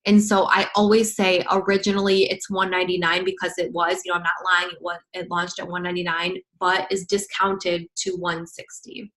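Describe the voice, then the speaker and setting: A woman's voice: on the low side, little pitch movement, fairly quick, hardly any pauses, fairly bright tone, low-quality recording. A woman coaching others on sales follow-up in a casual screen-share training, bubbly and gushing as she acts out chats with clients.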